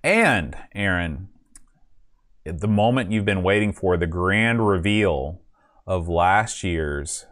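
Speaking slowly with lively intonation and a fairly bright tone, this male podcast host rambles through some self-mocking chat to thank his supporters. The list of patron names gets sung in an exaggerated high voice.

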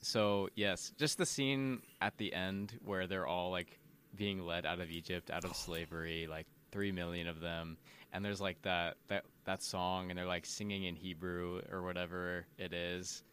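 A man with a deep, low voice co-hosting a casual podcast. He talks in a relaxed, joking manner, and a faint hiss of noise sits behind him. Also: unhurried. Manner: relaxed, joking, faith references. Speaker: podcast co-host. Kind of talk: casual chat.

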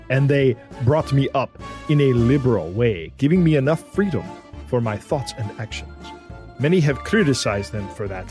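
A man's voice: medium pitch, darkish tone, natural voice. A man putting on a stilted Russian-accented woman. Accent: put-on Russian accent. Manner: stilted, formal, mock-earnest reading. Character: woman from Russia, chirpy dating-site pitch.

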